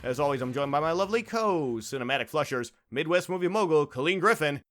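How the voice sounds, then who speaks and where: A man hosting a comedy podcast, boisterous and quick to burst out laughing. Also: on the high side, lively intonation, soft background music. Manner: boisterous, laughs loudly at jokes. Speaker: podcast host.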